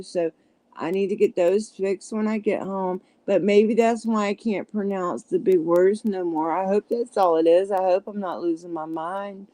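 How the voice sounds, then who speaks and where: A woman's voice: mid-range voice, mellow, dry recording. A middle-aged woman with a heavy Southern country accent, chatting casually on a livestream and sometimes stumbling over her words. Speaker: livestream host. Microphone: phone.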